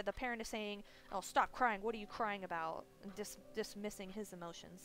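A woman streams a horror game, chatting casually and rambling with lots of fillers and restarts while voicing strong opinions. Her voice is medium-pitched with a fairly bright tone.

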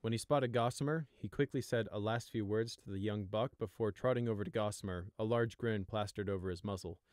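A man's voice: fairly low pitch, a little fast, dry recording, clean studio sound. Man narrating a storybook. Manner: steady, even storytelling. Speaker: audiobook narrator.

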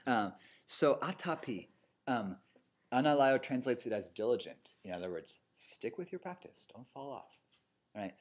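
A male meditation teacher gives a casual dharma talk to a seated audience in a yoga studio, telling stories and checking in with "right?" and "you know." His voice is mid-range with lively intonation at normal speed.

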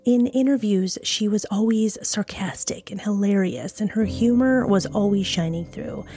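A woman's voice: medium pitch, moderate pace, dark tone, breathy edge, no echo. A woman hosting a true crime podcast, reading a scripted narration with frank, blunt, conversational asides. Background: music.

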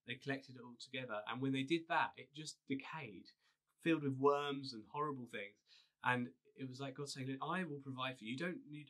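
A man pastor giving a video sermon, retelling a story in a relaxed, conversational way with frequent fillers. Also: medium pitch.

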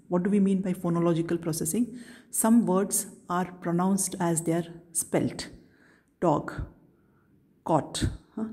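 A woman giving a recorded neuroanatomy lecture, explaining step by step in a measured way and answering her own questions. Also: on the low side, dark tone.

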